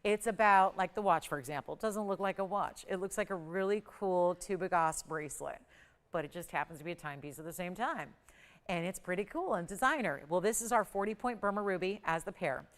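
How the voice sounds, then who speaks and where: A middle-aged woman with a smooth, clear voice pitches products as a live shopping channel host. She talks in emphatic, enthusiastic sales patter and leans hard on certain words. She is in a studio on a lapel mic. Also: brisk.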